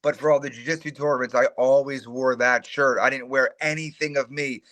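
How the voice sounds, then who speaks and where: A middle-aged man, a retired fighter, telling animated, profane, self-mocking stories in a casual interview and acting out the voices of others. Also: medium pitch, fairly quick.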